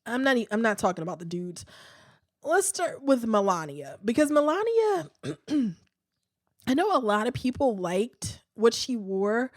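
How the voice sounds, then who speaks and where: This American woman hosts a podcast, offering casual commentary in a chatty, candid style full of fillers, sighs, and restarts. Her voice sits at a medium pitch, and the studio recording is dry and clean.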